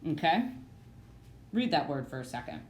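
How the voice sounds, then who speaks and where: A woman with a low voice leads a virtual phonics lesson for young children. She talks patiently and encouragingly and slows down on key words. The room around her echoes noticeably. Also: sing-song, slight background noise. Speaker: teacher.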